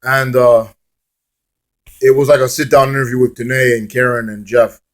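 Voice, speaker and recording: A man's voice: medium pitch, flat delivery, normal speed. A man casually reviewing a wrestling show in a rambling, swear-laced manner, drifting into hummed song bits.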